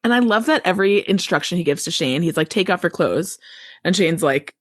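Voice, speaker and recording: A woman's voice: fairly low pitch, lively intonation, a little fast. A woman co-hosting a casual podcast chat, playfully quoting characters. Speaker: podcast co-host.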